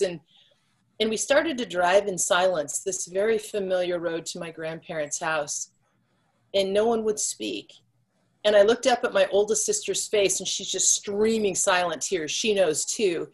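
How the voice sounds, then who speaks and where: A woman's voice: mid-range voice, normal speed. A woman sharing her personal faith testimony as a guest, telling her story earnestly and speeding up at the tense moments.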